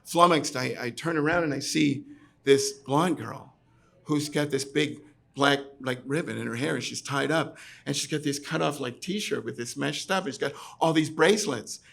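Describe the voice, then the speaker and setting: Chatty New York storyteller with gravelly voice. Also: male voice, mid-range voice, normal speed, fairly bright tone. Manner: chatty, full of fillers like "like" and "right". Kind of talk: live comic storytelling. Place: pub stage.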